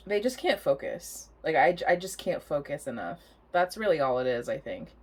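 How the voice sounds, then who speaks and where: A woman's voice: low-pitched, big pitch swings, moderate pace, husky. A young adult woman giving a casual tarot reading, rambling and chatty, laughing often and swearing freely. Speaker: tarot reader.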